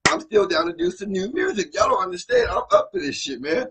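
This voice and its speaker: A man hosting a music reaction video, talking casually and excitedly, often breaking into exclamations while a song plays. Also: high-pitched, brisk, slightly rough. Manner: excitable, exclaims and interjects over the track. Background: song playing faintly.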